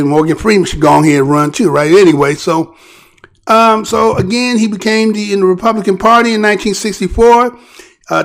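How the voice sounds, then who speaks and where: A man's voice: high voice, vocal fry. An American man hosting his own channel, giving rambling, conversational news commentary and often checking in with "right?". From United States. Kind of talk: casual spoken news commentary.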